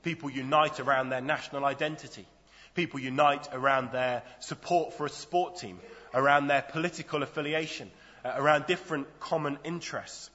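A man's voice: a little high, fairly even intonation, brisk, pushed and bright. A man preaching a sermon in a conversational, storytelling way. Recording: dull lo-fi sound in a reverberant hall.

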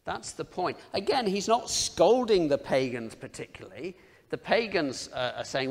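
A man delivers a sermon with a somewhat high, gravelly voice, keeping it conversational and self-deprecating. He leans on rhetorical questions to draw the listeners in. His words ring out with the long reverb of a large hall. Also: big pitch swings, measured pace. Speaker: preacher.

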